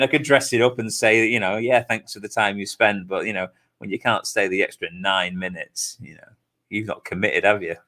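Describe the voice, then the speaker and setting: Bright-voiced jokey livestream host. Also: male voice, mid-range voice. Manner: jokey, laughs often, reads out viewer comments. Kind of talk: casual chat.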